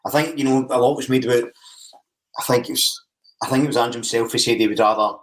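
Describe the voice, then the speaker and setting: A man co-hosts a football podcast, throwing out ideas in an animated, rambling way. His mid-pitched voice carries a roomy echo. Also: quick pace. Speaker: podcast co-host. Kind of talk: casual chat.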